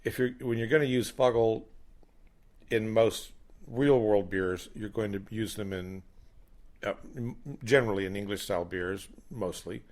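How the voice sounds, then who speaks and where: A man's voice: fairly low pitch, normal speed, darkish tone. A man co-hosting a casual tasting chat, thoughtful and explaining at length. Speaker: podcast co-host.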